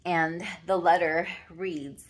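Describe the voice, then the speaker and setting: A woman in a tearful, sniffling state, speaking haltingly with many fillers and apologies as she shares a devotional journal in a casual vlog. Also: on the low side, fairly even intonation. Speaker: vlogger sharing devotional reflections. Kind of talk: emotional devotional vlog, reading journal aloud.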